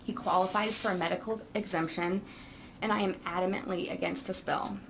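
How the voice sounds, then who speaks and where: Woman, parent giving committee testimony; earnest, emotional, measured delivery, faint background noise. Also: medium pitch, fairly even intonation, creaky, a bit bright, low-quality recording. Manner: earnest, emotional, slow and deliberate. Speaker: parent testifying at a legislative hearing. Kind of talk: reading prepared testimony.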